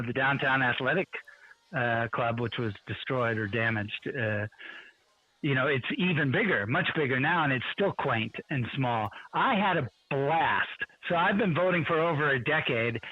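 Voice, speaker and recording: A man who writes on college football, a guest telling stories in an animated way on a radio show. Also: fairly high pitch, no echo, lo-fi sound. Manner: animated storyteller, acts out quotes. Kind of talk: storytelling in a radio interview.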